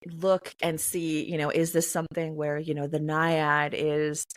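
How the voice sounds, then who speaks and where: A woman guest in an interview, explaining in a chatty, animated way with many filler phrases. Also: deep voice, a little slow, poor audio. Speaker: poetry reader and performer, interview guest.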